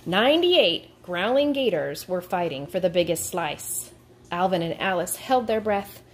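Teacher lady reading a kids book aloud, slow, lots of ups and downs in her voice. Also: fairly low pitch, slight background noise. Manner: slow, expressive storytelling. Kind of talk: storybook read-aloud.

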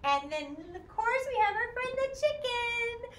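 High, sing-song children's music teacher woman. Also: very animated, measured pace, fairly bright tone. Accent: Midwestern American. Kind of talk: interactive kids' music class. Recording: echoey room, faint ambience.

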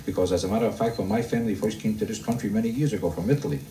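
A man doing a stand-up routine for a live audience, grumbling deadpan and tossing rhetorical questions at the crowd. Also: on the low side, rapid-fire, heavy background noise. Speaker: stand-up comedian. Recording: roomy live club recording, mic heard from a distance. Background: audience laughter.

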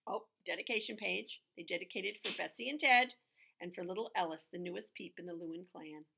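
A woman's voice: on the low side, a little fast, gravelly, bright, forceful tone, slight background noise. A woman reading a picture book aloud, breaking off into chatty asides and acting out the animal sounds. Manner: chatty asides to the listener between pages. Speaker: storybook reader.

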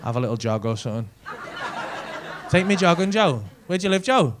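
A man's voice: fairly high pitch, very animated, brisk. A male stand-up comedian with a Liverpool accent doing brash, sweary, teasing crowd work on a comedy club stage. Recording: live club audio with crowd laughter noise.

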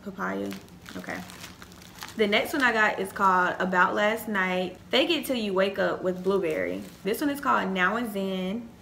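A young woman rattles on to her viewers, chatty and easily excited. Her voice sits at a middling pitch, crisp and bright, with a gravelly fry running through it. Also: moderate pace, a little hiss or hum. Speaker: haul vlogger. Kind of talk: casual chat to camera.

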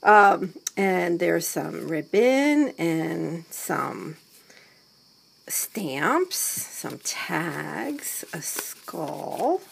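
Woman vlogger, slow-talking, gravelly, husky, gushing craft unboxing on a handheld camera. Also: lowish voice, very animated, a little hiss or hum. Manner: gushing, gasping, breaks into soft whispers. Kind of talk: excited unboxing chat to camera. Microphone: handheld camera mic.

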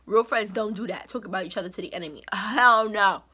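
A woman's voice: medium pitch, brisk, pushed and bright, breathy edge. A young woman vlogger telling a storytime in an emphatic, indignant way. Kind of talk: storytime vlog.

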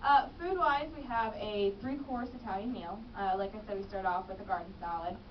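A woman's voice: medium pitch, fairly quick. Young woman, radio interview guest, chatty, distant mic, muffled sound, faint room hum. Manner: chatty, laughs easily. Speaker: guest, actress and business manager. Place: radio studio.

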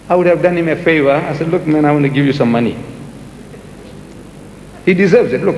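An older man answering audience questions in a public debate, animated and rhetorical, repeating words for emphasis. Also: high-pitched, gravelly, lo-fi sound, a little hiss or hum. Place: large lecture hall. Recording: echoey hall with faint music.

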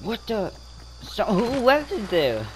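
A man hosting his own gaming channel, giving live gameplay commentary that swings between muttering to himself and panicked yelling. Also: high-pitched, huge pitch swings, takes it slowly, slight background noise.

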